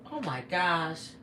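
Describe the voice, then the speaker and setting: A middle-aged vlogger with a lowish, bright, forceful voice chats casually with her livestream viewers from home while eating. The phone recording has echo and faint background noise.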